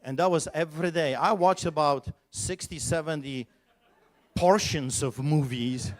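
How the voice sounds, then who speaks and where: A pastor telling a personal story at a conference, animated and emphatic, with sudden loud bursts. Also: male voice, on the high side.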